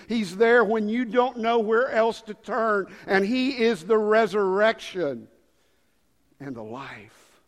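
A man in his fifties preaching a sermon, swinging from loud dramatic calls to hushed low lines. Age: 50s. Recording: long hall reverb.

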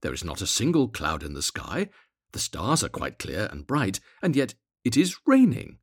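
A man's voice: lowish voice, huge pitch swings, dry recording, studio quality. A man voicing a prim, talkative little male swallow in a storybook reading. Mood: fussy. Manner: prim, talkative, quick to complain.

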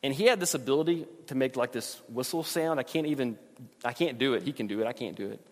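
A man's voice: mid-range voice, fast talker, in a large hall. A middle-aged man preaching a sermon as a pastor, talking to the congregation in a conversational way and repeating words when he stresses a point.

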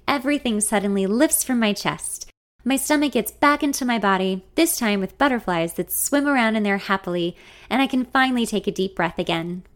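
A woman telling a story in the first person, expressive and confiding. Her voice sits at an everyday middle pitch. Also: brisk. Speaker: narrator.

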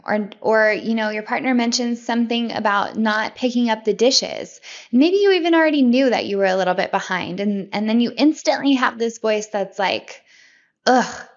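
A woman with a slightly high voice talks through a self-help topic in a relaxed podcast monologue. She speaks in a loose, conversational way, doubling words and restarting sentences as she goes. The recording sounds a little dull and lo-fi.

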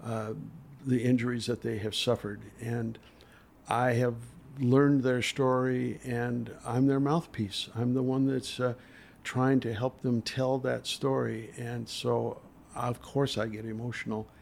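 Older man with a gravelly voice. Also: mid-range voice, flat delivery, measured pace, darkish tone, a little hiss or hum. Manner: earnest, emotional, hesitant with fillers. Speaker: trial lawyer guest. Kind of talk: storytelling in a podcast interview.

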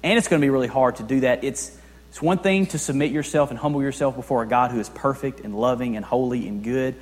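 A young male pastor gives a conversational sermon, firing off rhetorical questions and moving from hushed to raised delivery. His voice carries a long reverb tail from a large church hall. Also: mid-range voice, fast. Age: young adult. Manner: conversational preaching with rhetorical questions, swings between soft and loud.

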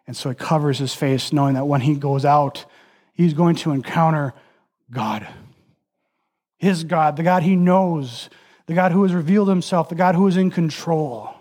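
A male preacher with a high-pitched voice delivers an impassioned sermon. He stacks repeated phrases into building lists, then sinks to a hushed, almost whispered voice to land a point. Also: normal speed. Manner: dramatic drops to a soft, near-whispered voice for emphasis.

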